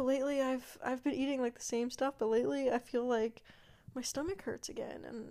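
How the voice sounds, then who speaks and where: Young female podcast host with a slightly high voice, loose and meandering, often trailing off into a soft murmur. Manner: rambling, meandering, many fillers and asides; yawning, drops to a quiet murmur at times. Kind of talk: casual solo chat.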